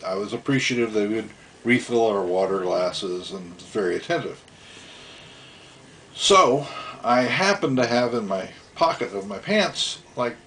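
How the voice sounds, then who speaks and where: At home, a middle-aged man casually tells stories from his youth, rambling, chuckling, and acting out voices. His voice is lowish, and there's a little hiss or hum on the recording.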